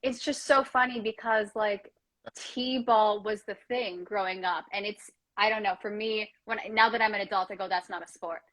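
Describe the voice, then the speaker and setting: Bright-voiced chatty woman host. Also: mid-range voice, fairly even intonation, moderate pace. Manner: chatty, lots of "like", playful. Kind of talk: casual chat.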